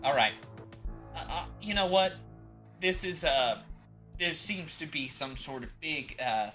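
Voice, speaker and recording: A woman's voice: low voice, expressive, measured pace, fairly bright tone. A woman playing a flustered, nervous female space dock shipmaster who stammers and apologizes, with music behind. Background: background music.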